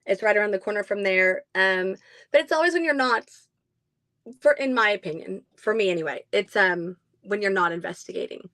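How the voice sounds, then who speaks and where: A woman's voice: mid-range voice, a little fast, a bit bright, no echo. A woman who owns a haunted house, chatting casually in an interview with many ums and frequent laughs.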